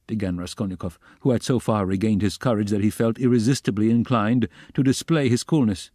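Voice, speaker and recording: A man narrates a classic novel as an audiobook reader, keeping a steady, even storytelling pace. His pitch sits in the middle range, and the sound is dry and close with no room around it. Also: fairly quick, hardly any pauses, no room sound. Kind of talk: scripted narration.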